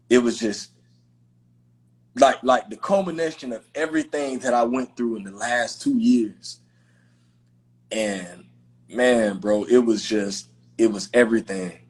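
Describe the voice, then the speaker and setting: This man's mid-range voice has a darkish tone and a breathy edge. Hosting a podcast, he talks casually in an emphatic, heartfelt manner, peppered with slang fillers.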